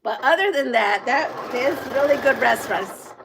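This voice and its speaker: A middle-aged woman hosts a casual livestream and tells a story with lots of laughter. Her voice sits a little high and stays animated. A sewing machine can be heard in the background. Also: moderate pace, background noise. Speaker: livestream host.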